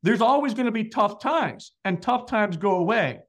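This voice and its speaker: Podcast host guy, fairly high voice, earnest and reflective, agrees a lot. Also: expressive, normal speed, a bit bright. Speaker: podcast host, financial advisor. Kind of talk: podcast interview chat.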